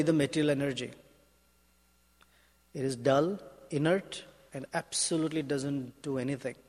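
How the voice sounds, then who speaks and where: A male spiritual teacher giving a sermon in a measured, emphatic way, often asking rhetorical questions. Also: fairly high pitch. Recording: long hall reverb.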